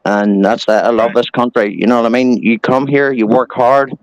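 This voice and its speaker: A man's voice: mid-range voice, fairly even intonation, moderate pace, dry recording, rough recording. A man in his forties from Ireland with an Irish accent, chatting casually as a guest, rambling through stories and swearing now and then. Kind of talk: casual chat.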